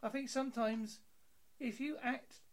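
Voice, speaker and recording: A man's voice: very high-pitched, steady tone, measured pace. A British man hosting an interview, chatting in a jokey, easygoing way with frequent stammered restarts. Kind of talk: casual interview chat.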